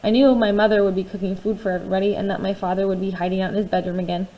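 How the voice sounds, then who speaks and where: A woman narrating a first-person novel in a quiet, confiding way, with conversational asides to the listener. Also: medium pitch, little pitch movement, rapid-fire, rough recording. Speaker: audiobook reader.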